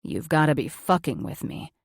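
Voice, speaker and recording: A powerful wealthy man, voiced by a woman narrating an audiobook, speaking in a hoarse, throaty tone that sits lower and pushes louder than the narration. His words come out shaky and strained. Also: big pitch swings, moderate pace, no echo, clean studio sound, heavily acted. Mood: husky, strained. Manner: shaky, breathless delivery. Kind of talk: audiobook character voice.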